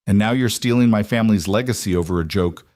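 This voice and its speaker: A man's voice: fairly low pitch, fast, a little mellow, dry recording, clean studio sound, lightly acted. Man reading as a frantic, entitled rich young man. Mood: desperate. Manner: frantic, demanding.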